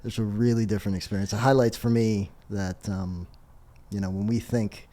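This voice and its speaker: A man's voice: lowish voice, moderate pace. A middle-aged man, a podcast guest, telling a story in casual conversation and often laughing as he talks. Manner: animated, laughs through his story.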